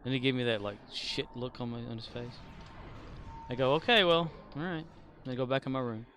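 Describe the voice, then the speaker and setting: A man chatting on a game stream, mid-pitched and unhurried, drifting through stories with fillers and restarts. A faint hum of ambient noise sits under him. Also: level tone. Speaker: livestreamer. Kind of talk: casual storytelling on a game stream.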